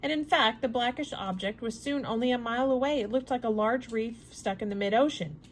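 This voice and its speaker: A woman's voice: a little high, a little fast, slight background noise, low-quality recording. Woman reading a novel aloud. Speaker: reader.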